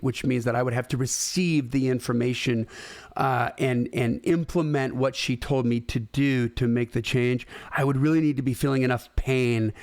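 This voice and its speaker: A middle-aged man telling a business story in a conversational, animated way, acting out the dialogue he quotes. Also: mid-range voice, dry recording. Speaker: host. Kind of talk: storytelling talk.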